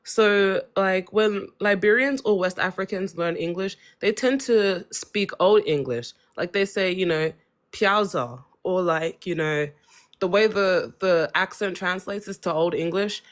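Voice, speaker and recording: A woman's voice: mid-range voice, a little slow. A woman with an Australian accent chatting casually on a live stream, chatty and self-mocking.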